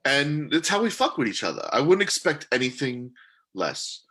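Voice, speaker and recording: A man's voice: mid-range voice, sing-song, normal speed, pushed and bright, breathy edge. A man co-hosting a casual podcast, giddy and laughing a lot, swearing freely. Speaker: podcast co-host. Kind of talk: casual joking chat.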